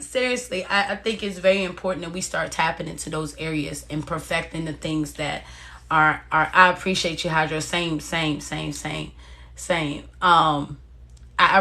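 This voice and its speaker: A woman hosting a motivational live stream, encouraging viewers and reading their comments in a casual, repetitive way. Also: lowish voice. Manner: encouraging, talks straight to viewers, repeats phrases; casual and warm-hearted, reads out viewer comments.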